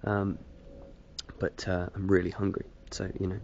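Low gravelly man, rambling vlog. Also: monotone, moderate pace, darkish tone, muffled recording, slight background noise. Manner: hesitant, self-deprecating, lots of fillers; smoking a cigarette while talking. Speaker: video blogger. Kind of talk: casual rambling vlog to camera.

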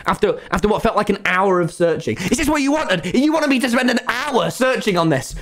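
A man streaming a game live, talking to viewers and ranting excitedly at the screen. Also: high voice, fairly quick. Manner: excitable, exasperated, swears and rants at the screen. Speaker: gaming streamer.

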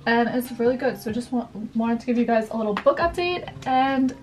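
A young woman vlogger, brisk and on the high side, rambles chattily through a casual haul and uses "like" heavily. Recorded from a distance, she sounds a bit off-mic, with faint music in the background.

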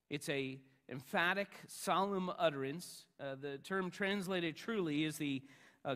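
A man pastor preaching a sermon, emphatic, rising loud on the lines he quotes. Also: medium pitch, in a large hall.

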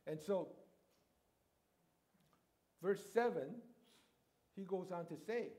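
Male pastor, 50s, high-pitched, chatty conversational preaching style. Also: takes it slowly, mellow. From Korea. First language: Korean. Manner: conversational, checks in with "right?" and "you know". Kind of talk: sermon. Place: church sanctuary.

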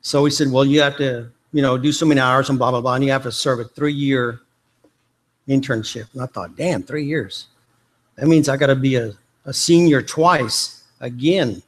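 A man's voice: mid-range voice, steady tone, normal speed. A man from Texas, an athletic trainer telling self-deprecating, joking stories in a conference lecture. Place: lecture hall.

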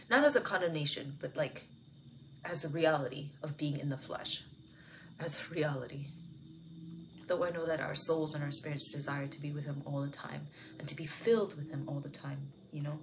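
A woman sharing a personal Bible reflection, speaking softly and musingly with many fillers, sometimes dropping to a whisper. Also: low voice, background noise. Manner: soft-spoken, musing, with frequent fillers. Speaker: devotional video host.

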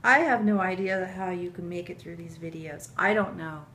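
A middle-aged woman unboxing handmade baby clothes for her video channel, gushing and tearful, often dropping to a breathy whisper. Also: fairly low pitch, normal speed, fairly bright tone. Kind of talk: emotional unboxing chat to camera.

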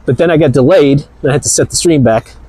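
A man's voice: a little high, fast talker, mellow, slightly rough, dry recording, poor audio. Provocative man hosting a live stream. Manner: provocative, rambling, crude jokes. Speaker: channel host.

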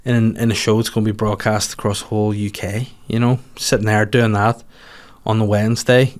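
A man's voice: on the low side, level tone, fairly quick. A man in his thirties with a Northern Irish accent, a comedian hosting his own podcast, talking in a casual, rambling, sweary and jokey way. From Northern Ireland. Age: 30s. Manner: sweary, rambling, jokey, slips into mocking voices. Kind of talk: casual solo podcast monologue.

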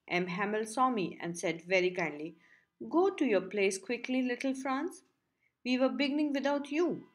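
Female audiobook narrator, steady clear storytelling, medium pitch. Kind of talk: audiobook reading.

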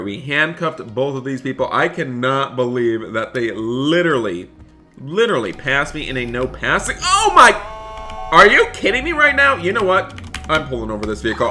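A man's voice: medium pitch, pushed and bright. A man playing a police deputy in a game role-play, barking commands and repeating his disbelief in an exasperated way. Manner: repeats stock phrases in disbelief.

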